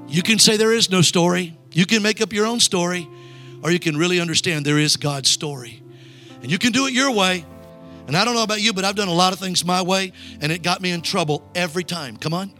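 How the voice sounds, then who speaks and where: High, bright-voiced evangelist preaching a sermon. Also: male voice, quick pace, soft background music. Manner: call-and-response preaching, urging the crowd to repeat lines. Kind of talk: revival sermon. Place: church sanctuary.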